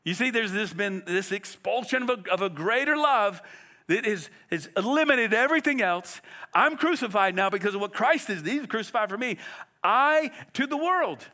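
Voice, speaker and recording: A man's voice: high voice, expressive, moderate pace, bright, forceful tone. A male pastor preaching a sermon, emphatic and asking his listeners direct questions.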